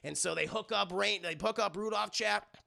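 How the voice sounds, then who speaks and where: A man's voice: sits high, moderate pace, vocal fry, sharp tone. A man streaming a casual, crude, joking movie recap to his chat, rambling as he goes.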